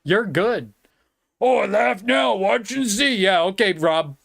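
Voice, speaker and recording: Slow, mocking man ranting sarcastically. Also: sits high, animated, creaky, a bit bright. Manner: mocking, sarcastic, profane, laughing between jabs. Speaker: podcast host. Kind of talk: ranting reaction commentary.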